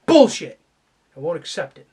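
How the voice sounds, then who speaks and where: A man doing a comedic rant, swearing and shifting from mumbled asides to mock-angry yelling. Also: sits high, animated, fairly quick.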